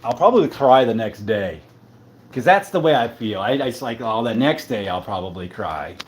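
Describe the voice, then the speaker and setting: A man's voice: medium pitch, expressive, normal speed. Man, live stream host, casual chat, playful teasing, rambling, faint hiss behind.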